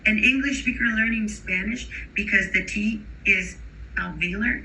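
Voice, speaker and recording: A woman instructor gives a recorded lecture with a very bright, sharp voice. She demonstrates each sound aloud and keeps checking in with her listeners. A faint hiss sits under her speech. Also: medium pitch, steady tone, normal speed, poor audio. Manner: explicit, models sounds and checks in with rhetorical questions. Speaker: instructor for teachers of bilingual children.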